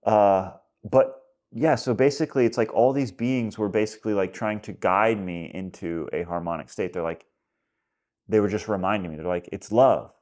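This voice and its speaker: A fairly low-pitched man speaks as a podcast guest in a relaxed, rambling way. He fills his story with "like" and acts out little quotes. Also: moderate pace. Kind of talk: casual conversation.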